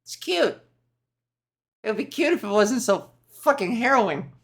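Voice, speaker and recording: A woman's voice: on the high side, sing-song, normal speed. A woman hosting a solo podcast, ranting in a profane, sarcastic, rambling way. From Canada. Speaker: podcast host. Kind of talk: casual solo podcast rant.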